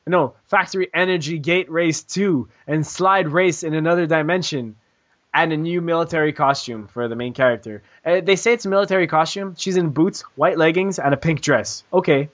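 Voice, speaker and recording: A man's voice: a little high, normal speed, fairly bright tone, lo-fi sound. A man hosting a gaming podcast, joking and teasing his co-host in casual, rambling banter.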